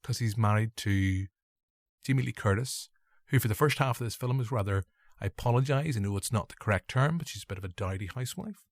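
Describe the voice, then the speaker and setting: A man's voice: on the low side, a little fast, no room sound, clean studio sound. A man with a Northern Irish accent hosting a casual film review podcast, rambling and joking at his own expense. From Northern Ireland. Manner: rambling, jokey, self-deprecating. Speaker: podcast host.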